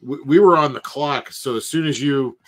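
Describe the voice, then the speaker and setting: Man, bright voice, lively storyteller, casual chat while drawing. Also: mid-range voice, moderate pace. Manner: animated storyteller, mimics callers. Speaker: co-host artist.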